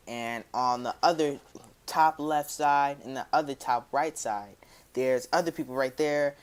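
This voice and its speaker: A man shares a personal story with his viewers, rambling along in a loose, slangy, casual style. When he quotes someone as an aside, his voice drops low.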